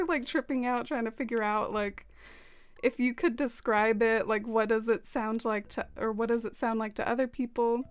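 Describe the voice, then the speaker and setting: An American woman streaming a game, chatting casually with viewers, giggling often and using lots of fillers. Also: fairly high pitch. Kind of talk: casual chat reading out chat messages.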